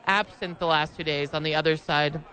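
A man's voice: on the high side, steady tone, fairly quick, pushed and bright. A man co-hosting a sports radio show, bantering emphatically and teasing his co-hosts with a guessing game. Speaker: sports radio co-host reading headlines.

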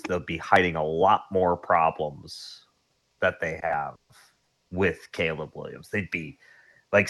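Co-host, male, very low voice, laid-back short remarks. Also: a bit bright. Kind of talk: casual chat.

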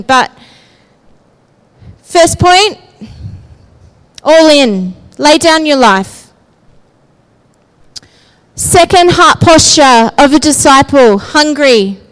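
A woman preaches with a very high voice, taking her time over her words. Her delivery is conversational, and she keeps checking in with the room as she goes. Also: animated, takes it slowly, long pauses, a bit bright, poor audio. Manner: conversational, often checking in with the listeners. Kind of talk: sermon.

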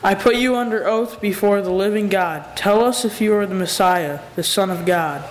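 A man reading the part of a stern high priest who questions and accuses a prisoner in a church Passion reading. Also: normal speed, slight background noise, natural voice, low-quality recording. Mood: questioning. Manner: demanding, accusing.

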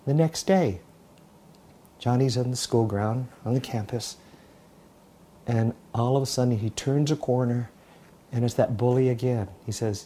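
A pastor delivers a sermon to a mixed congregation. His voice is mellow and warm, and he talks in a relaxed, conversational way as he tells a parable. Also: mid-range voice, unhurried, long pauses, slight background noise. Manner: storytelling, conversational.

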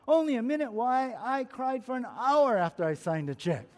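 A man's voice: on the high side, steady tone, brisk, a little mellow, natural voice. A man voicing a tight-fisted father of the bride with incredulous exclamations, in an anecdote told during a sermon. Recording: echoey hall.

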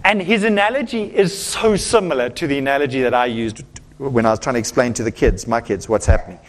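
A man's voice: mid-range voice, fast. A middle-aged man, a pastor, preaching a sermon in a church in an earnest, emphatic way, often restarting his phrases.

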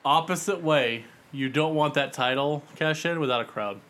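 A man co-hosting a casual podcast, chiming in with short interjections and quick agreements. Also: fairly high pitch, a bit bright. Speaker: podcast co-host.

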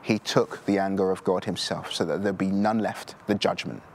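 A male preacher with a lowish voice delivers an earnest sermon, circling back over his points and stumbling into repeated restarts. Faint noise sits under the recording. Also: steady tone, normal speed.

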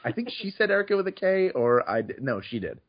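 A man's voice: high-pitched, sing-song, quick pace. A man, a podcast host, telling stories in casual chat, with frequent restarts and repeated words. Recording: slightly muffled audio.

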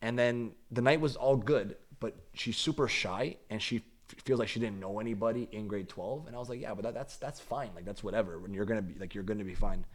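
A young man with a fairly low voice tells a story to his friends in a relaxed chat. His talk meanders, full of "like", repeats and restarts, the way friends trade stories. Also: a little fast. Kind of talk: casual chat among friends.

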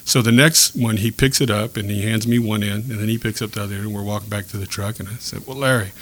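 A man sharing a personal faith story in a podcast chat, earnest and reflective, pausing and restarting as he speaks. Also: lowish voice, fairly even intonation, a bit bright. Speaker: guest telling a faith story.

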